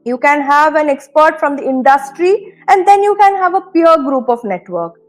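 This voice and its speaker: A woman's voice: high voice, lively intonation, normal speed, faint music behind. A woman with an Indian English accent giving an earnest motivational lecture on career skills, advising students and repeating key phrases for emphasis. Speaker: university administrator giving a talk.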